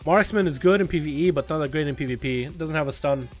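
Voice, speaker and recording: Excitable high-voiced man streaming games. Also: fast talker, soft background music. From Russia. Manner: excitable, swearing, drops quiet then bursts loud. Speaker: game streamer. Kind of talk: casual gaming livestream chat.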